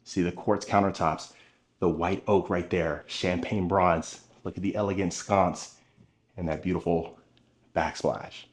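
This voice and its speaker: A man's voice: deep voice, steady tone, a little slow, a little hiss or hum. A man hosting a walking home tour vlog, speaking to viewers with upbeat enthusiasm while filming.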